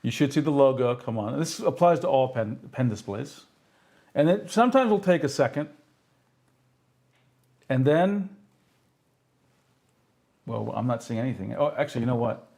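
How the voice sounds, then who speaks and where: A man's voice: mid-range voice, sing-song, normal speed, gravelly, long pauses, darkish tone. Man explaining, checking in with "okay?". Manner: self-deprecating when a demo goes wrong. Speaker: tech streamer demonstrating pen displays. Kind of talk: live stream tutorial.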